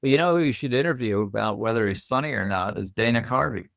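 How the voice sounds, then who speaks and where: An older man, a podcast guest, telling lively anecdotes in a casual interview. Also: medium pitch, quick pace, vocal fry, dry recording, studio quality.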